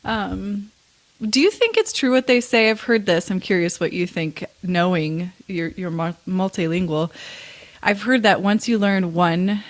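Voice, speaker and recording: A woman's voice: mid-range voice, a little slow. A woman hosting a podcast, chatting in a casual, curious way with her guest and laughing often. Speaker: podcast host. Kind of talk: casual interview chat.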